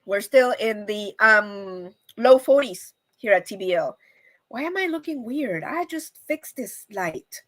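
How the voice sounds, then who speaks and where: With an expressive, unhurried, fairly bright mid-range voice, a woman hosts a laid-back live stream. She is bubbly and effusive, laughing frequently as she reads and responds to comments from viewers.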